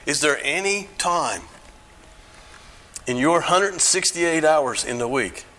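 A man's voice: on the high side, animated, takes it slowly, pushed and bright. A middle-aged American man giving a conversational church talk, often asking the audience questions. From United States.

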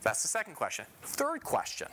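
A man's voice: on the high side, wildly swooping pitch, normal speed, a bit bright, slight background noise. A man teaching a Bible passage verse by verse. He emphasizes key phrases and puts questions to his listeners before answering them himself.

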